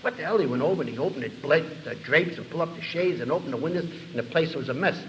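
An older man, quick and animated, tells his recovery story to an audience, acting out its dialogue and rambling with repeated words and fillers. His pitch is fairly high. The hall is echoey, with faint room noise.

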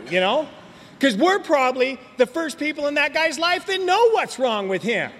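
A man's voice: very high voice, very animated, moderate pace, a bit bright, slight background noise. An older man giving a blunt, emphatic personal testimony at a recovery meeting, repeating words for effect. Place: meeting hall. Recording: long reverb of a meeting hall.

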